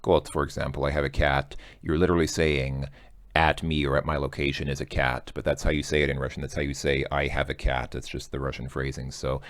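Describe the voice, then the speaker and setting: Man, very deep voice, dry close sound, chatty joking teacher. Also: little pitch movement, brisk, dry recording. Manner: chatty, joking, thinking aloud. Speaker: language teacher. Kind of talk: casual explaining lesson.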